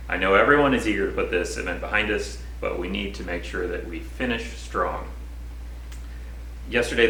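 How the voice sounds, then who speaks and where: Low bright-voiced official man. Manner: formal, measured, thankful civic address. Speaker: county administrator. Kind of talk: prepared press briefing statement. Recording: echoey room with faint noise.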